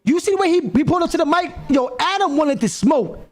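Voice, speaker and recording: A man with a very high voice, reacting live to a clip on his stream. His pitch jumps all over the place. He repeats himself, keeps calling out to people and riffs loudly. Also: lively intonation, quick pace.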